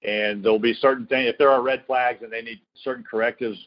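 A man's voice: mid-range voice, fairly even intonation, fast. A man who coaches college baseball, telling stories and explaining his program in an earnest, reflective podcast interview, often restarting his phrases. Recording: dull lo-fi recording.

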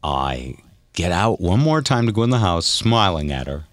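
A man co-hosting a podcast, telling stories in a casual, animated, self-mocking way. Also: sits low, normal speed, no echo. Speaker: podcast co-host. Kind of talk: casual storytelling chat.

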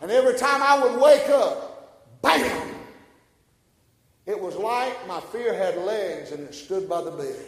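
A male preacher delivers a sermon in a high voice. He moves from quiet, halting storytelling to loud, passionate cries. The sound is roomy, with a long echo like a large hall. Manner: builds to shouted passionate bursts, then drops quiet.

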